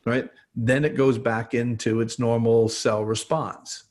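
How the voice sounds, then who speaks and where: A man's voice: mid-range voice, flat delivery, unhurried, darkish tone. A man, an expert guest on a podcast, explaining trauma through everyday examples. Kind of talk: explanatory interview talk.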